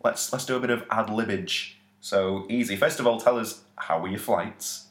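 A man co-hosting a podcast, joking and asking questions in casual chat. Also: on the low side. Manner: jokey, quick to laugh, asks questions. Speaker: podcast co-host. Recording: roomy echo.

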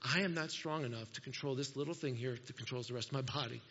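Male preacher, bright and slightly high, easygoing and self-mocking. Long church-hall reverb, dull audio. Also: fast. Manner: conversational, self-deprecating, asks the congregation questions. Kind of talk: sermon. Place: church sanctuary. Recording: muffled sound in a large hall.

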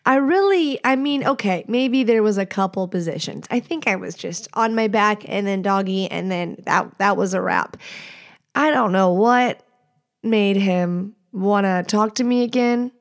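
A woman's voice: medium pitch, measured pace. A woman in her thirties hosting a solo podcast, telling stories in a candid, profane, chatty way. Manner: candid and profane, animated asides. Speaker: podcast host. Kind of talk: casual solo podcast storytelling.

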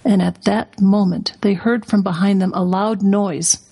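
A woman reading a storybook aloud as a guest on a radio talk show in an expressive storytelling manner. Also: medium pitch, a little slow, husky. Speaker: guest, curriculum company president.

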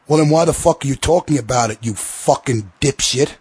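A man with a husky, slightly rough voice hosts a podcast in a heated, profane rant. His delivery swings between sarcasm and outrage, and the sound is dry and close to the mic with no room around it. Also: on the high side, big pitch swings, normal speed, hardly any pauses, a little mellow, no room sound. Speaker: podcast host. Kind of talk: ranting podcast commentary.

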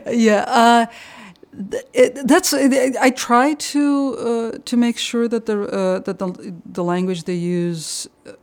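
Middle-aged Russian-native woman, halting. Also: a little high, fairly even intonation, a little mellow. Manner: hesitant, many fillers and restarts. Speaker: Russian translator, guest. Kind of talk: podcast conversation.

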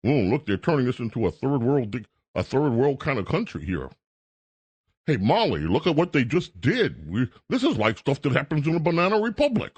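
A man doing a timid, hand-wringing politician, whining in a soft, low, fretful voice. The voice drops below his usual pitch and grows quieter, fussing without any fight in it. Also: sing-song, brisk, breathy edge. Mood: mocking fretful. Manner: mocking, fretful, soft-spoken.

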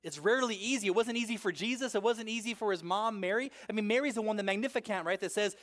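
A man preaching a sermon in a conversational way, peppering his points with "right?" and swinging between loud emphasis and hushed intensity. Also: high voice, quick pace, few pauses. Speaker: pastor.

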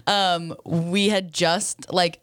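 A woman's voice: lowish voice, steady tone, drawn-out words, a bit bright. Giggly young woman telling a story. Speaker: podcast co-host. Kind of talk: casual chat.

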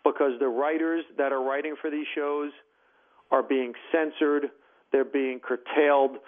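A man who is a comedian and former judge, talking as an interview guest in an emphatic, animated way. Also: medium pitch, a little slow. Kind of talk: casual interview chat. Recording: tinny phone line.

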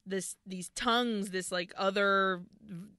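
A woman's voice: mid-range voice, fairly even intonation, slow, sharp tone, smooth, no echo, clean studio sound. A woman co-hosting a podcast, casually retelling a horror movie's plot, swearing freely and acting out the characters' lines. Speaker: podcast co-host.

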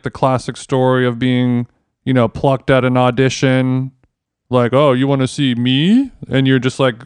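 A man's voice: medium pitch, darkish tone, clean tone, dry recording. A man hosting a podcast, asking rambling questions in casual chat and laughing easily. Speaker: podcast host.

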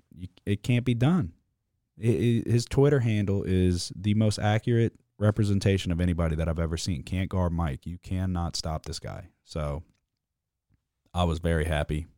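Man, young adult, podcast host, blunt, profane, deep mellow voice, dry sound. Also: no echo. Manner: blunt storytelling with cursing. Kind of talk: casual sports chat.

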